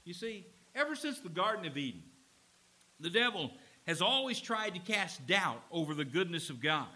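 In a church fitted with a slide screen, a pastor dramatizes scenes as he preaches, expressive and emphatic throughout. He speaks at a moderate pace in a voice that sits high.

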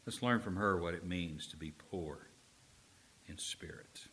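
A man preaching a sermon as pastor, telling a story with animated swings from loud emphasis to a near whisper. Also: low voice, moderate pace.

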